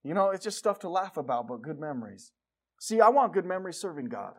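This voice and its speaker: Man, high voice, middle-aged pastor, emphatic sermon, church. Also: sing-song, quick pace. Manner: emphatic, exhorting preaching with asides and stories. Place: church sanctuary.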